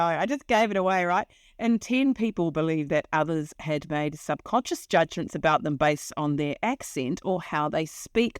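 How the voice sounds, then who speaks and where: A woman's voice: lowish voice, no echo, clean studio sound. Bubbly New Zealand woman podcast host. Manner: bubbly, laughs a lot, with many fillers. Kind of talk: casual chat.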